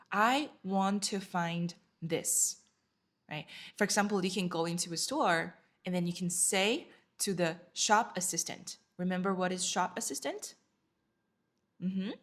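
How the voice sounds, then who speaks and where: A woman teaching an online Chinese lesson, patiently repeating each word and explaining it in English. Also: on the low side. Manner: patient, repeats words slowly with English glosses.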